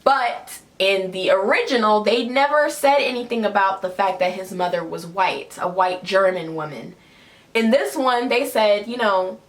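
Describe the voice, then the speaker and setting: A woman's voice: medium pitch, normal speed. Opinionated woman hosting a casual review. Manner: opinionated, conversational. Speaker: host.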